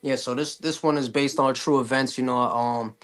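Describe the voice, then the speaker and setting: A man's voice: medium pitch, fairly even intonation, normal speed. A man, a rapper guest, chatting casually in an interview, loose and full of fillers. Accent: Canadian English. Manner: laid-back, loose with fillers.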